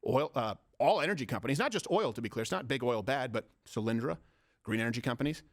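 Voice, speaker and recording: A man hosting a political comedy show, ranting sarcastically in rapid-fire rhetorical questions. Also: medium pitch, lively intonation. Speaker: host.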